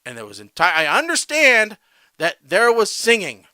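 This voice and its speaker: A man's voice: high voice, huge pitch swings, moderate pace, sharp tone, no echo. A man co-hosting a casual podcast, ranting and tagging his points with "all right?". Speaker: podcast co-host.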